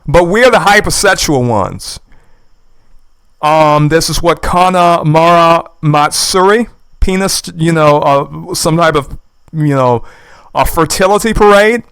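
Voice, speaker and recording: A man's voice: a little high, takes it slowly, fairly bright tone, clear, resonant tone, no echo. A man giving an indignant, sarcastic reaction commentary, repeating his points for emphasis. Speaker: YouTube commentator. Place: lives in the United States.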